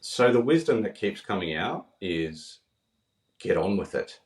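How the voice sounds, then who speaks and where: An earnest man shares heartfelt stories on a podcast, his voice sitting fairly low. He sounds set back from the microphone in a room with a lot of echo. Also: big pitch swings, a little slow, far from the mic. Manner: earnest, heartfelt, quoting others as he tells stories. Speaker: podcast guest. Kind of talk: emotional storytelling in conversation.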